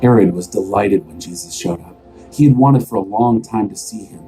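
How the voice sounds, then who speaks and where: A man reads scripture aloud as a steady, expressive story. His voice is low and dark with a warm, mellow tone. Soft music plays faintly underneath. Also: moderate pace, low-quality recording. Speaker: scripture reader. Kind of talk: dramatized scripture reading.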